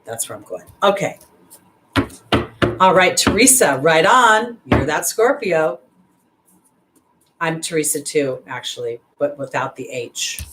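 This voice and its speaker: Lady astrologer w a low voice doing a chatty card reading, tiny bit of faint hiss behind. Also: expressive, unhurried, long pauses, a bit bright, poor audio. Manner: chatty, rambling, laughs at herself when nervous; talks straight to viewers by name. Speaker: intuitive astrologer and card reader. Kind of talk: casual live tarot and angel card reading.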